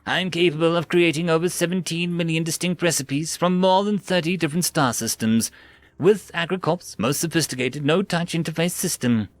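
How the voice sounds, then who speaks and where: A man's voice: a little high, a little fast, no room sound, lightly acted. A man voicing a smug, overly polite food-dispenser machine reading out menu choices and warnings. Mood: formal. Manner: prim, overly polite, scripted customer-service tone.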